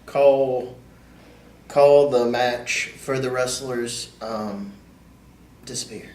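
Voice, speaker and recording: A man guest on a wrestling podcast, telling stories in a casual, animated way that turns loud when he gets worked up. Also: medium pitch, drawn-out words. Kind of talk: casual storytelling chat. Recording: roomy echo, distant mic, faint ambience.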